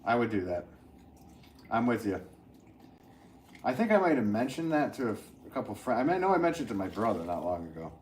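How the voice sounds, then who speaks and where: A man's voice: fairly low pitch, very animated, fast talker, long pauses, a little mellow, a little hiss or hum. A man hosting a pottery live stream, chatting casually and reading viewer comments in an easygoing, rambling way that often trails off into a chuckle.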